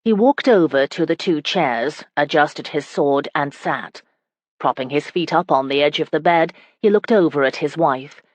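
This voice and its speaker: An audiobook narrator reading a historical romance in steady, even scripted narration. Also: mid-range voice, moderate pace, no room sound.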